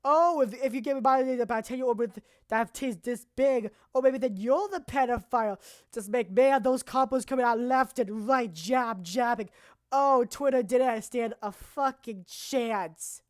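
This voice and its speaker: Female streamer, high-ish voice, loose rambling profane commentary with sudden shouts, dry room. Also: moderate pace, no room sound. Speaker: streamer presenting anime awards.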